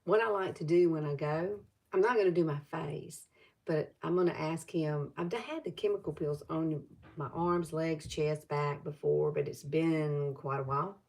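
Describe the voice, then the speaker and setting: A woman's voice: low voice, moderate pace, vocal fry, a little mellow. A woman over fifty with a Southern US accent, chatting loosely through a live makeup tutorial and greeting viewers as she goes. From Alabama.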